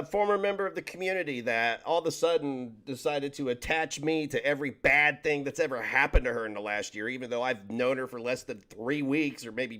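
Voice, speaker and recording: Exasperated man ranting with lively pitch. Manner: exasperated, profane ranting with sarcastic mimicry. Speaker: commentary channel host. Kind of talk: reaction rant.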